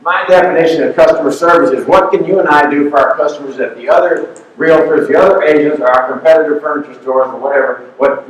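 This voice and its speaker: A man's voice: a little high, fast talker, slight background noise. An older man giving an emphatic, preachy motivational talk as a guest speaker, repeating his points. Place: community center hall. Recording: echoey hall, far off, dull sound.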